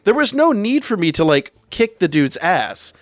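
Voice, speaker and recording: A man's voice: high-pitched, big pitch swings, moderate pace, dry recording. A man hosting a livestream, telling a story in a wry, profane, casual way. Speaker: livestream host.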